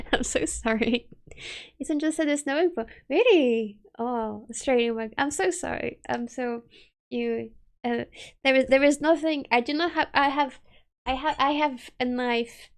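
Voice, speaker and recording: A woman with a slightly high, gravelly voice chatting casually on a live stream. She giggles often and reads chat aloud in a loose, chatty way, talking into a desk mic at home. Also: a little slow.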